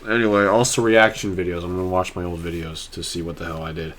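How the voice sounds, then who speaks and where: A man's voice: deep voice, level tone, quick pace, fairly bright tone. A young man talking to camera in a personal vlog, rambling and restarting often, earnest and emotional. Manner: earnest and heartfelt. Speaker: vlogger.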